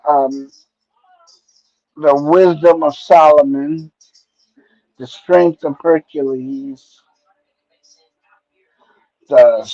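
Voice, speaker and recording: Speaking a bit high and a little raised, this middle-aged man hosts a stream and rambles through casual, nostalgic retellings, peppering them with "right?" and "you know" to keep listeners with him. The streaming-mic audio is dull and lo-fi with muffled highs and no echo.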